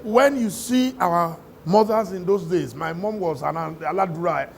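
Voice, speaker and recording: High-pitched Nigerian man, laughing storyteller. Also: a little slow, gravelly, slight background noise. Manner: laughs through his stories, animated. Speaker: talk show guest. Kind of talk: storytelling conversation.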